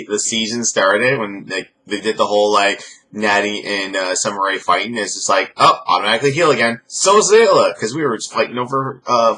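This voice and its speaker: A young man rambling sarcastically as he recaps a reality show, mocking people in high put-on voices. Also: pushed and bright. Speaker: reviewer. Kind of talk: casual recap commentary.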